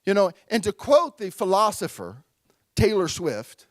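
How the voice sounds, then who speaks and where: A man's voice: sits high, wildly swooping pitch, a little slow, no echo. A middle-aged man preaching a sermon at a church, conversational and storytelling, calling out to the congregation. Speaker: pastor.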